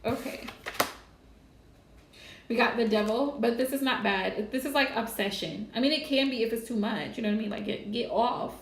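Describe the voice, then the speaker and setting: A woman's voice: a little high, normal speed, echoey room, slight background noise. A woman doing a live tarot reading, chatty and casual, laughing often. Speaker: tarot reader.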